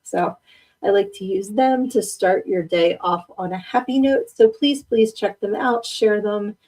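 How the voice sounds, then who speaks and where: A woman's voice: medium pitch, a little slow, darkish tone. Chatty woman hosting a podcast. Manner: chatty and joking, laughs often. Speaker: podcast host. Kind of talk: casual live-stream chat.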